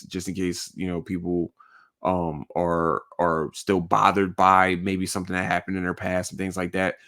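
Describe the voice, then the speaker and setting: A young man hosting a casual solo podcast, talking in a heated, rambling way, full of slang and restarts. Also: low-pitched. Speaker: podcast host.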